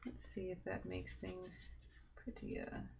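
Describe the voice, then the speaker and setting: Woman streaming her art from home, easy rambling chat, some vocal fry, light room hiss. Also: fairly low pitch, monotone, slow. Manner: chatty, talks to herself while drawing, drops into whispers. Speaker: livestream host drawing. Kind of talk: casual drawing livestream chat.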